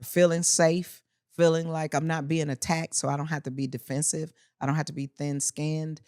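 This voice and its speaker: A woman's voice: sits low, moderate pace, dry recording, clean studio sound. A woman comedian, a guest on a podcast, telling punchy, earthy stories in casual chat. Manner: animated, punchy storyteller with earthy humor.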